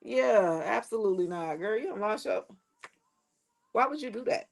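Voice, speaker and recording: A woman's voice: medium pitch, expressive, normal speed, gravelly. Middle-aged woman, rambling live chat. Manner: rambling, emphatic, blunt with swearing; talks straight to viewers. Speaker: live-stream host. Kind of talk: casual live-stream chat.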